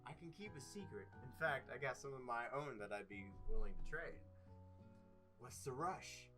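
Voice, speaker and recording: A man's voice: mid-range voice, animated, moderate pace, over music, close to an everyday voice. A man voicing a boastful older male fried-chicken chef in a dating game, smug and grandiose.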